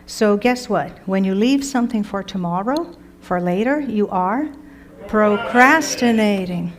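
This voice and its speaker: A woman leads a Latin vocabulary lesson at an unhurried, deliberate pace, drawing out each word. She sounds enthusiastic and coaxing, tossing in playful asides. A faint hum of background noise sits under her voice. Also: mid-range voice, lively intonation. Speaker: Latin teacher.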